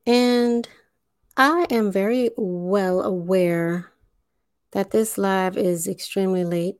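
A woman hosting a spiritual livestream, speaking deliberately, enunciating carefully and guiding listeners through breathing. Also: mid-range voice, steady tone, no room sound, studio quality. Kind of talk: slow spiritual livestream talk.

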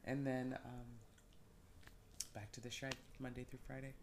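A woman's voice: a bass voice, level tone, a little slow, noisy background. A young woman with a cold, chatting casually on a podcast and jumping between topics with bursts of laughter. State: sick, eyes watering. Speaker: podcast co-host. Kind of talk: casual chat.

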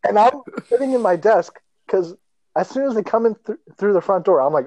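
Young male podcast co-host, animated storyteller who acts out voices, dry close sound. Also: high voice, fairly quick, dry recording, low-quality recording. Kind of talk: casual chat.

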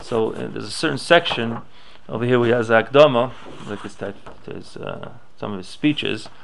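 A man's voice: mid-range voice, lively intonation, normal speed, gravelly, a bit bright, slight background noise. A man giving a Torah class, reading Hebrew and Aramaic passages aloud and explaining them in English, thinking aloud with restarts. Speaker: Torah teacher.

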